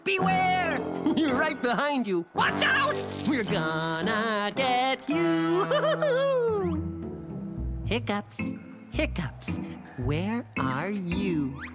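A woman's voice: high voice, very slow, heavily acted. A woman doing Toopy, a bubbly little boastful mouse. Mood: chanting. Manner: bubbly and excitable, bragging playfully, laughing often. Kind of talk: children's cartoon acting. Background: music.

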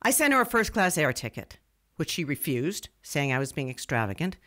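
A young woman radio writer, wry and digressive, bright-toned narration. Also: deep voice, very animated, brisk. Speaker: first-person narrator. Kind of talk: scripted first-person narration.

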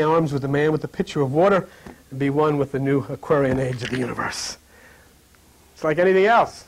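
High-pitched guy rambling spiritual talk show stuff, laughing through his stories, goes all hushed and low on the deep bits. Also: a little hiss or hum. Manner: drops to a hushed, low, slow voice on spiritual lines. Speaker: host of a spiritual talk program.

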